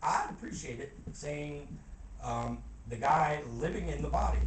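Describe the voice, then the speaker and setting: A man's voice: on the high side, expressive, unhurried, far from the mic. A man talking casually to camera in a rambling, slangy way, often laughing. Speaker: vlogger. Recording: echoey room with faint ambient noise.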